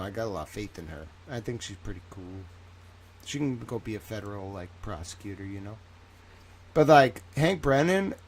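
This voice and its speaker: A man's voice: medium pitch, a little hiss or hum. Rambling, casual man on a livestream. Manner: rambling, reactive, swears freely. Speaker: livestream commentator.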